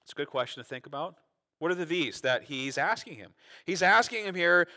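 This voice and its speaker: A man's voice: high voice, a little fast, gravelly. A man preaching a sermon, reading scripture expressively and explaining it in a conversational way with rhetorical questions and asides. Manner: expressive scripture reading, acting out quoted voices. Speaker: pastor.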